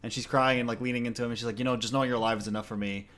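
A man's voice: medium pitch, steady tone, racing, a bit bright. A man co-hosting a podcast, casually retelling scenes and quoting the dialogue. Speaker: podcast co-host. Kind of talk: casual chat.

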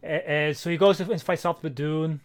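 A man co-hosting a casual comic book chat, animated and reading dialogue aloud with feeling. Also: on the high side, a little fast. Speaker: podcast co-host.

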